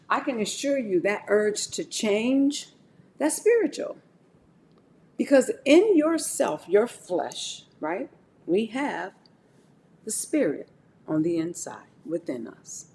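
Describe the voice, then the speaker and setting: Gravelly-voiced woman preaching to her live chat. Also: on the high side, a little hiss or hum. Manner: animated, preachy, talks straight to the chat. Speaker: live-stream host. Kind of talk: motivational faith talk on a live stream.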